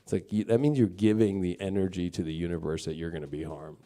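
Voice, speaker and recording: A man's voice: low-pitched, fairly even intonation, quick pace, mellow, soft background music. A man giving a casual live-stream tarot and astrology reading, rambling, swearing freely and acting out mocking quotes. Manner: rambling, filler-heavy talk.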